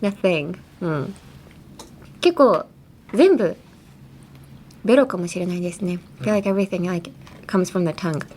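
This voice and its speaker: A woman's voice: lowish voice, animated, fairly quick, pauses often, a little mellow, a little hiss or hum. A woman hosting an English lesson podcast in a radio studio, chatting casually, laughing often and acting out playful pronunciation demos. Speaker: English teacher host. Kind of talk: casual teaching chat.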